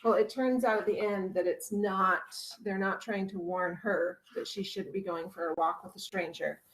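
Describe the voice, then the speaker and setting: Lively woman retelling a picture book. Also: mid-range voice, normal speed, poor audio. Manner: animated retelling with many "like"s. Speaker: kindergarten teacher. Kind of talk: casual sharing in a class discussion.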